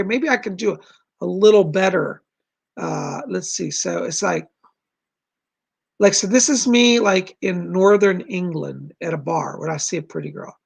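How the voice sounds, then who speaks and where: Gravelly-voiced man hosting a chatty livestream. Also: sits high, a bit bright. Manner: chatty, laughs often, earnest. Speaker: psychic and livestream host. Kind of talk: casual livestream chat.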